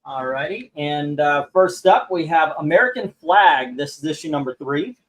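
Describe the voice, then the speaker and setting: A man with a slightly higher voice hosts a live comic book auction stream in loose, casual chat. He rambles, fills his talk with "uh" and "um," and jokes at his own expense. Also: expressive, normal speed, a bit bright, distant mic, low-quality recording. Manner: rambling, full of filler words, self-mocking.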